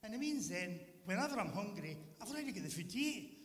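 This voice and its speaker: A pleased pelican explaining his handy pouch, voiced by a man pitched higher than his own talk. The long echo of a church hall hangs behind it. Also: big pitch swings, fast talker, fairly bright tone.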